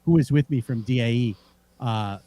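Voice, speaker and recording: A man's voice: mid-range voice, normal speed. A man co-hosting a casual sports podcast, telling rambling stories with lots of restarts. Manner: animated, rambling with restarts and laughs. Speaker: podcast co-host.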